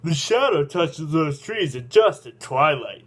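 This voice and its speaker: A serious young apprentice guard, as a man puts him on, talking stiffly and formally. The pitch climbs and dips with a lot of movement. He sounds like a figure from a story game. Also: lively intonation, a little slow.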